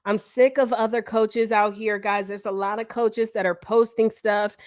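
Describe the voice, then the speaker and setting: A woman hosting a livestream, telling a story in an animated way and talking to viewers as y'all. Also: medium pitch, normal speed. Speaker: host. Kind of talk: livestream talk.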